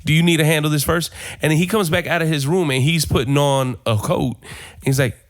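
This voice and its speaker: A man from Miami co-hosting a podcast, telling a story with deadpan, dry jokes while sick with the flu. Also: fairly high pitch, fairly quick. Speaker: podcast co-host. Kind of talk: casual chat.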